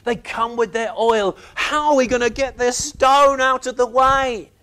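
This preacher's voice is very high-pitched, and he talks a little slowly. His sermon is lively storytelling, sinking low for hushed moments and acting out how people in the story respond.

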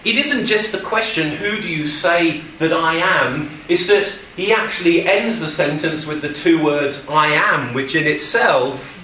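A man preaching a sermon as a pastor, telling stories in an animated way and putting on quoted voices. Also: on the high side, unhurried, few pauses, a little hiss or hum. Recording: echoey room from a distance.

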